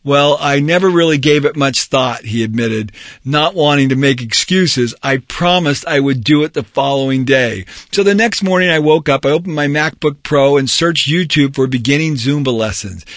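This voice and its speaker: A man's voice: mid-range voice, normal speed, fairly bright tone, no echo. A man narrating his own nonfiction audiobook in an earnest, emphatic, motivational way, close to the mic.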